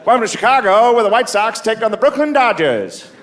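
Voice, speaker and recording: A man doing a folksy 1940s baseball radio announcer with a nasal, drawn-out delivery. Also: high-pitched, very animated, fairly bright tone, voice pushed up. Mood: jaunty.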